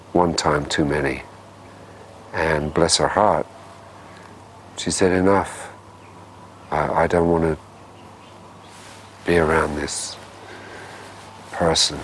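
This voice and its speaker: A man giving a halting, reflective documentary interview recollection. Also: low voice, a little hiss or hum.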